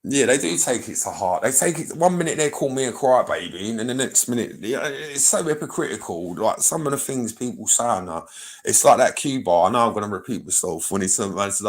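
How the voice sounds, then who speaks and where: Deep-voiced sweary man. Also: fairly quick, gravelly. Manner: rambling, swearing, reads chat aloud. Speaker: livestreamer. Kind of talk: casual livestream chat.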